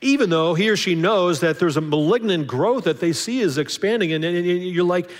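A man's voice: high voice, lively intonation, fairly quick, in a large hall. A man preaching a sermon in a conversational way, acting out little dialogues and often restarting his sentences. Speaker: pastor.

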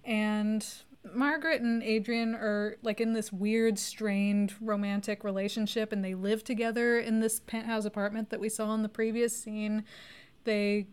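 A woman's voice: medium pitch, level tone, unhurried, clean tone. A woman co-hosting a casual film podcast, talking with enthusiasm, swearing freely and laughing often. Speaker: podcast co-host.

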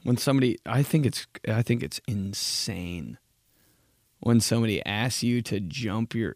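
A young man hosting a casual solo podcast, swearing a lot and ranting in an animated, crude way. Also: fairly low pitch, unhurried, creaky, no room sound, studio quality. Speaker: podcast host.

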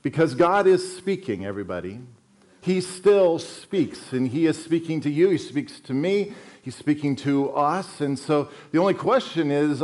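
Earnest pastor preaching. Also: male voice, on the high side, darkish tone. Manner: earnest, emphatic preaching with slow stressed phrases. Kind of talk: sermon.

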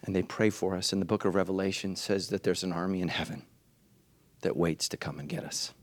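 Man, pastor, sermon, church, hushed to shouting, repeated refrains, urgent. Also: fairly even intonation, a little fast, no echo. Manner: swings from hushed and low to shouting high.

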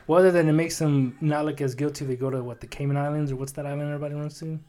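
A man's voice: on the high side, fairly even intonation, very fast, dark tone. Rambling jokey man in his twenties. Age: 20s. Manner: rambling, jokey, full of fillers and restarts. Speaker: podcast co-host. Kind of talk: casual chat.

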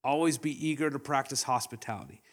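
A man's voice: medium pitch, fast talker. A young adult man from Canada preaching a sermon, telling stories animatedly with laughter and acted-out quotes. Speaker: pastor. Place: church hall.

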